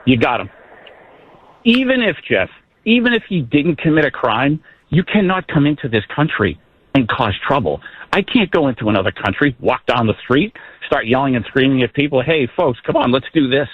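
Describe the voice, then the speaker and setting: A man's voice: medium pitch, big pitch swings, moderate pace, no echo. A man from South Carolina calling into a talk radio show, agreeing indignantly with the host. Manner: agreeing, indignant, repeating catchphrases. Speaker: caller. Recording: tinny phone line.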